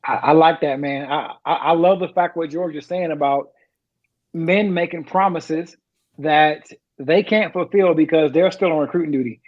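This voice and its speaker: A man, a retired sergeant major telling profane, animated stories in casual chat. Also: a little high, moderate pace, dull audio. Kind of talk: casual storytelling.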